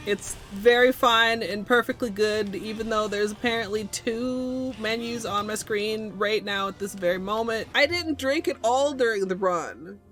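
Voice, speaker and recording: A woman's voice: fairly high pitch, unhurried, few pauses, fairly bright tone, faint music behind. A young adult woman chatting on a livestream, crude, goofy and self-mocking. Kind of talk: casual livestream chat. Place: home streaming setup.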